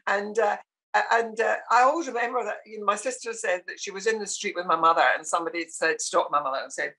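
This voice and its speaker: A woman in her sixties from Scotland, telling family stories in a relaxed interview and laughing often. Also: mid-range voice, fast, low-quality recording. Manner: warm storytelling, laughs often. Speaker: guest. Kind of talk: casual interview chat.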